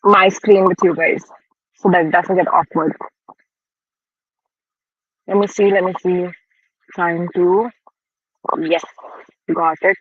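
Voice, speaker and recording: A man's voice: high voice, fairly even intonation, takes it slowly, pauses often, a bit bright, no room sound, highs cut off. A man hosting a casual livestream, talking frankly and chattily while snacking, a bit self-deprecating. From India. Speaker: livestream host. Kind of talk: casual live-stream commentary.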